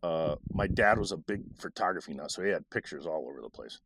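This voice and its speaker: A middle-aged man telling a personal story, recalling it in a halting way with frequent restarts. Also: low voice, breathy edge, no echo, clean studio sound. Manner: animated, halting recollection with restarts.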